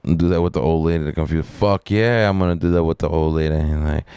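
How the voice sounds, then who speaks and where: A man's voice: extremely low pitch, steady tone, fast, few pauses, mellow, clean tone, dry recording. A man streaming live, chatting in a rambling, laid-back, profane way. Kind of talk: casual live-stream chat.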